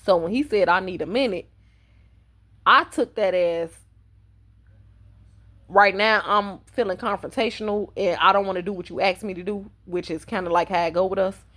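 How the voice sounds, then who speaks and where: A woman's voice: medium pitch, normal speed, pauses often, fairly bright tone. A woman telling a personal story on her vlog in a casual, blunt and profane way. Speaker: vlogger.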